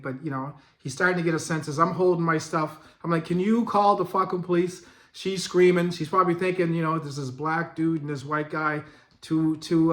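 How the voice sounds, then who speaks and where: Vlog host, middle-aged man, casual and profane storyteller, slightly raised pitch, roomy echo. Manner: profane, animated storyteller, laughs as he talks. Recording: echoey room.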